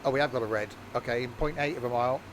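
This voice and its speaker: A worn-out man rambles through relaxed live-stream commentary, laughing at himself as he goes. His voice sits in an ordinary middle pitch. A faint hum runs underneath. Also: rapid-fire. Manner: rambling, self-mocking, chuckling often. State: very tired.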